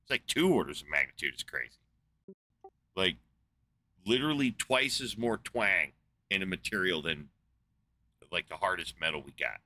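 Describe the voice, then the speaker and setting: A man's voice: sits low, expressive, normal speed, long pauses, pushed and bright. A man in a casual, rambling monologue, swearing a lot, incredulous and full of fillers. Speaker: podcast host. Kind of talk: casual profane rant.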